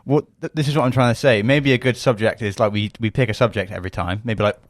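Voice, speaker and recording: A man's voice: on the low side, fairly even intonation, fast talker, no echo, clean studio sound. A man co-hosting a podcast, blunt and jokey, thinking aloud in casual chat. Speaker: podcast co-host. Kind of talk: casual banter.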